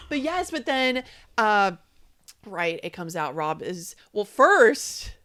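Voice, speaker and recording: A woman co-hosting a podcast, chatting casually in an animated way, laughing and acting out quotes. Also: medium pitch, slow pace. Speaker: podcast co-host. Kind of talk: casual recap chat.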